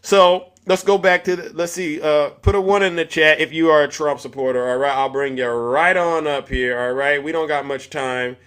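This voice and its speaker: A man's voice: on the high side, steady tone, normal speed, hardly any pauses, a bit bright, smooth. A man hosting a political live stream, combative and mocking, often raising his voice at chat viewers.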